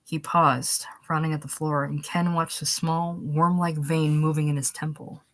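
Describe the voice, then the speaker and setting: A woman narrating a short story aloud, steady, going back to fix small slips. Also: deep voice, unhurried, few pauses. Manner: steady reading, restarts after slips. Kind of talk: audiobook reading of a short story.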